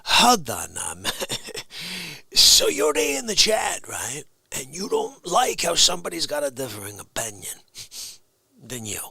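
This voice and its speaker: A middle-aged man hosts an animated livestream, playfully and comically ranting to his chat, sinking to whispers and then bursting into shouts. His fairly high, gravelly voice is excitable and a little slow.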